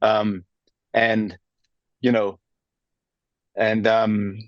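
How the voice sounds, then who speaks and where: A man's voice: lowish voice, little pitch movement, drawn-out words, dry recording, lo-fi sound. A man in his thirties, a guest on a radio interview, telling his story in a rambling way with many restarts and fillers. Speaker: guest, charcuterie maker. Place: radio studio.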